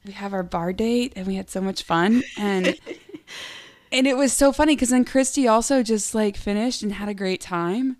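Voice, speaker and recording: A woman's voice: mid-range voice, normal speed, darkish tone, dry recording, clean studio sound. A woman in her thirties, a guest on a podcast, telling race stories in a bubbly way, laughing often and acting out what people said. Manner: bubbly, laughing, acts out quotes. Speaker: guest, pro gravel cyclist. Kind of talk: casual interview storytelling.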